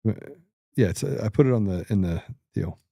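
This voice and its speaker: A man's voice: on the low side, animated, brisk, gravelly, dark tone, breathy edge, no echo, clean studio sound. A middle-aged man hosting political commentary, blunt, combative and emphatic. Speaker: host.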